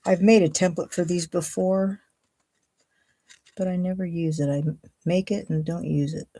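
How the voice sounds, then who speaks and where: Chatty low-voiced woman crafting. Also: steady tone, moderate pace, mellow. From Ohio, USA. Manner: chatty, thinks aloud while cutting and gluing. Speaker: card-making crafter, host. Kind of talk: casual crafting livestream chat.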